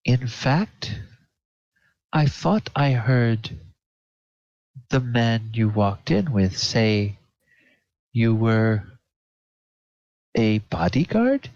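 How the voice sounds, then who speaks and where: A man's voice: medium pitch, lively intonation, drawn-out words, pauses often, darkish tone, no room sound. A man voicing a curious, formal female elephant-folk warrior. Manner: formal, refers to others as "this one". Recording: dull lo-fi audio.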